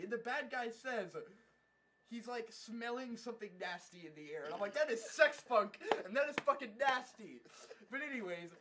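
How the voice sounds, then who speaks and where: Very high-voiced man, rambling and profane. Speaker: anime reviewer. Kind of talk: casual comedic episode recap.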